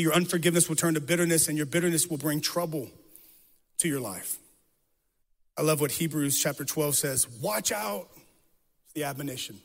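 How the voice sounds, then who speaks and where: A man's voice: a little high, big-room sound. A man preaching an earnest sermon, telling a personal story with emphatic, repeated phrases. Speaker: pastor.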